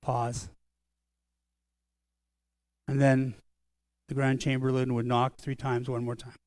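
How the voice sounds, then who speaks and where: An older man preaching a sermon as pastor, earnest and conversational, slowing down for solemn lines. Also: mid-range voice, completely flat delivery, a little mellow. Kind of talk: sermon storytelling. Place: church sanctuary.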